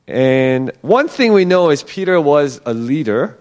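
A man with a fairly high voice leads a relaxed Bible teaching. His pitch rises and falls a great deal as he talks it through. He keeps it chatty and acts out the quoted lines. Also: unhurried, few pauses.

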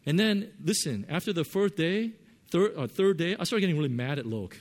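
A man preaching a sermon, telling a personal story with lively swings between loud and soft earnest tones. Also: on the high side, brisk. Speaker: pastor.

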